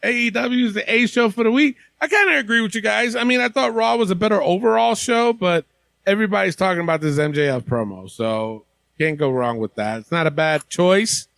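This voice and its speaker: A man's voice: sits high, fairly quick, creaky, fairly bright tone, dry recording. A man hosting a wrestling podcast in casual, profane banter, laughing often. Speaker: podcast host. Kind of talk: casual chat.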